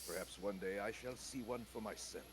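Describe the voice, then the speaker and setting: A man voicing a formal, courteous gentleman adventurer in a mannered, playful way. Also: lowish voice, brisk, crowd noise, lightly acted. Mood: genial.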